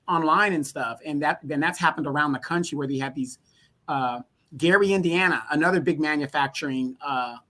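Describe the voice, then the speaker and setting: A man's voice: a little high, bright, forceful tone. A man co-hosting a casual discussion, explaining points at length with frequent restarts.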